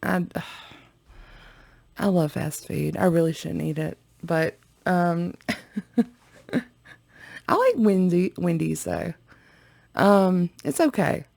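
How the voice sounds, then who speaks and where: Woman vlogger, unhurried and gravelly, giggly rambling chat to the audience. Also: on the low side, lively intonation, darkish tone. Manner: giggly, rambling, talks to viewers. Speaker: reaction video host. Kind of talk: casual chat reacting to a video.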